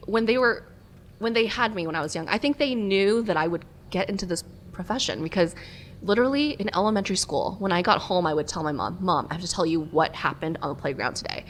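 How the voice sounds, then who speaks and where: A woman journalist, a podcast guest, chatting casually and telling lively stories about her life, from Southern California. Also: medium pitch, a little hiss or hum. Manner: lively, animated storytelling. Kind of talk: casual interview chat.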